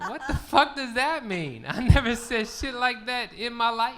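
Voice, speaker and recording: A man's voice: very high-pitched, expressive, normal speed, a bit bright, slight background noise. A man doing a crude, punchy stand-up comedy set on a live stage. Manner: punchy, crude, laid-back delivery. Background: audience laughter.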